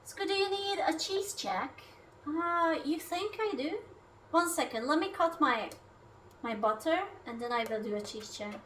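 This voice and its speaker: A woman with a high, bright voice chats her way through a home cooking stream, talking slowly and cursing freely. She rambles to her food and her viewers. Her voice sits back from the mic, with a faint hiss behind it. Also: animated, far from the mic. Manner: rambling, swears often, talks to her food and chat. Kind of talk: casual live-stream chatter while cooking. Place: home kitchen.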